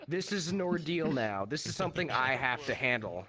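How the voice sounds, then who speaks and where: A man performing a stand-up comedy set in a virtual reality comedy club, talking on a headset and acting out characters in quick quoted voices. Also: mid-range voice, sing-song, a crowd in the background.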